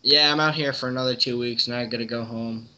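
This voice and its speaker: A young man on a hunting podcast, chatting in a relaxed, rambling way and saying "dude" a lot. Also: medium pitch, fast. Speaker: podcast guest. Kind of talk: casual chat. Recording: dull lo-fi audio.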